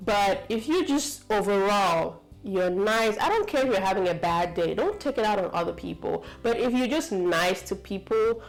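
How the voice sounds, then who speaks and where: A woman's voice: medium pitch, expressive, normal speed, hardly any pauses, rough recording. A woman from the United States telling a story to camera in a chatty, rambling way, full of fillers and asides. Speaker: vlogger.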